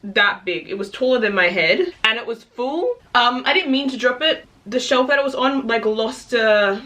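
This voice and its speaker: A woman telling stories in a casual reading vlog, chatty and animated, acting out what people said and laughing often. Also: a little high, moderate pace. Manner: chatty storytelling, acts out quotes, laughs often. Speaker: book vlogger.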